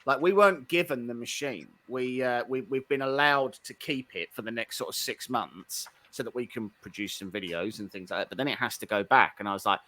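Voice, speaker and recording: Bright-voiced man chatting. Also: mid-range voice, fairly quick, few pauses. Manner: animated storyteller, many restarts. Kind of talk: casual chat on a live stream.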